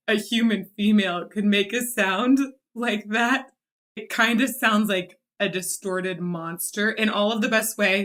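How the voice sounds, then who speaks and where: A woman reacting to a song as a vocal coach, excited and amazed. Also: medium pitch. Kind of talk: music reaction commentary.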